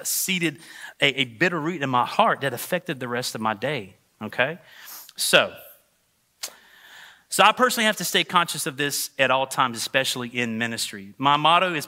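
A male pastor preaching a sermon, telling a personal story in an animated way and acting out the voices. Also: on the high side.

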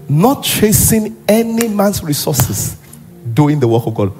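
High-voiced Nigerian pastor preaching. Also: male voice, big pitch swings, unhurried, soft background music. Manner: emphatic, preaching, bursts into shouts and sing-song. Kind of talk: sermon.

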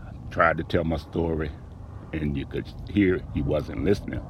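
A man delivering a rhythmic spoken-word monologue about a personal grievance, profane and aggrieved, swinging between low mutters and loud outbursts. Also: steady tone, normal speed, background noise. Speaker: storyteller recounting a personal grievance.

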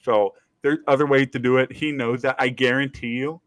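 Animated man telling a sports story. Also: medium pitch, a little fast, no room sound. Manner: animated storyteller, acts out quotes, swears casually. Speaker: podcast host. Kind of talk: casual sports talk.

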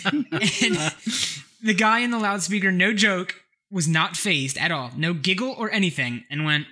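Male co-host, bright and lively, casual storyteller with frequent laughs. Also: high voice, normal speed. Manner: laughs often, animated storyteller. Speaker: podcast co-host. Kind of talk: casual chat.

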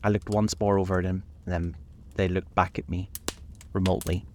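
A man narrating a classic novel in a measured, reflective reading, slowing on key passages. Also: deep voice, level tone, noisy background.

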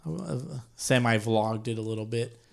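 A man hosting a podcast in casual, profane chat, laid-back and quick to laugh. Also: lowish voice, vocal fry. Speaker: podcast host.

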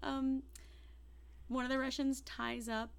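A woman co-hosting a podcast in casual chat, giggly and animated, often acting out quoted lines. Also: high-pitched, takes it slowly, vocal fry, clear, resonant tone. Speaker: podcast co-host.

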